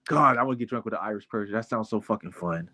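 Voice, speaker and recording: Young male co-host, excitable, foul-mouthed banter. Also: lowish voice, fast talker, dry recording. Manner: loose, swearing, excitable. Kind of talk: casual chat.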